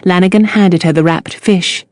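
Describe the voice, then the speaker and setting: A woman narrating a novel audiobook in a measured, even reading. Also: on the low side, no room sound, studio quality. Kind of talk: scripted narration.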